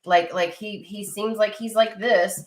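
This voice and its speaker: Woman, tarot reader, casual and profane, mid-pitched, roomy echo. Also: steady tone, measured pace. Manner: blunt and profane, talks to viewer directly. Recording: echoey room.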